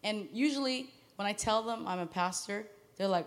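A woman pastor preaching a sermon in an animated way, laughing at times and acting out the voices she quotes. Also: medium pitch, normal speed. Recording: long hall reverb.

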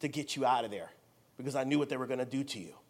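A preacher voicing a panicked young driver. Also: male voice, mid-range voice, very fast, pitched below the performer's own voice, natural voice. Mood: shaken. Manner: pleading, breathless repetitions. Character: frightened young male driver, panicked and apologetic.

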